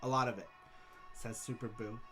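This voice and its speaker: A man's voice: mid-range voice, fairly even intonation, normal speed, a bit bright. Male host, casual stream chat, loose rambling delivery, faint music underneath. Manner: chatty, rambling, reads viewer messages aloud.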